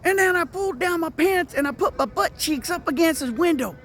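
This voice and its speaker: A man, a football coach and teacher, telling lively stories about a late friend and mentor, then speaking earnestly in tribute. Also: fairly quick. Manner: animated storytelling, rising high when excited, earnest when reflecting. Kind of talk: casual storytelling tribute.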